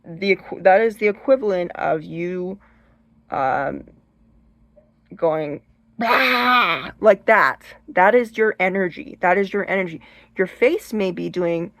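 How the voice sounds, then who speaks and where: A woman with a lowish, gravelly voice speaks unhurriedly on a dry recording. She hosts her own channel and gives casual advice about haunted objects, rambling and chatty, restarting often and emphatically acting out shrieks and gestures.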